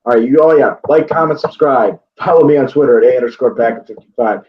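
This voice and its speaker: A man's voice: medium pitch, fast talker. A young man from northeast Ohio, chatting casually about a game, rambling with restarts and swearing freely. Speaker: sports vlogger. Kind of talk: casual chat. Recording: dull lo-fi sound.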